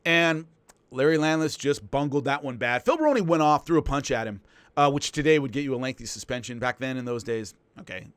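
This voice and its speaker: This man, a combat sports analyst, has a clean, mid-range voice and talks a little fast. He tells fight stories in emphatic, animated commentary, restarting often, on a dry recording.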